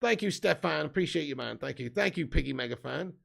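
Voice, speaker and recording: A gravelly, fry-laden English man hosts a live football watch-along, voice pitched a little high for a man. He banters with his chat, reads comments aloud and laughs often. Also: expressive, fast talker, a bit bright. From England. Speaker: live stream host.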